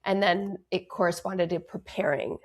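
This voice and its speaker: A woman's voice: on the low side, fairly even intonation, normal speed, husky. A young woman with a Canadian accent, an actress and dancer, talking earnestly and reflectively as an interview guest. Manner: reflective, earnest, many fillers. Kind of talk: conversational interview.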